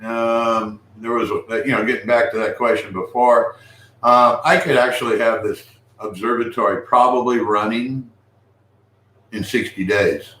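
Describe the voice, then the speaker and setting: A man's voice: medium pitch, steady tone, unhurried, bright, forceful tone. A man hosting a casual live stream, rambling with restarts and calling out to viewers. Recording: echoey room with faint noise.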